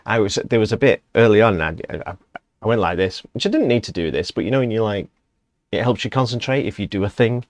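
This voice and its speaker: A man's voice: fairly low pitch, expressive, fast. A man casually reviewing a song he has just heard, enthusiastic and rambling, chuckling as he goes. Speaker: music reviewer. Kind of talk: casual reaction commentary.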